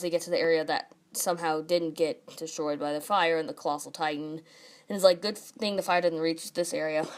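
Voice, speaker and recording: A young woman casually recapping and ranting about a manga chapter, full of "like" and quoted lines. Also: on the low side. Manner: chatty, says "like" a lot, reads quotes aloud. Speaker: manga reviewer.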